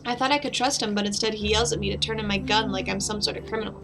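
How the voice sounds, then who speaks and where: A woman's voice: medium pitch, steady tone, racing, vocal fry, lightly acted, rough recording. A woman reading the lines of a weary, bitter woman detective in a game, in a sardonic tone over background music.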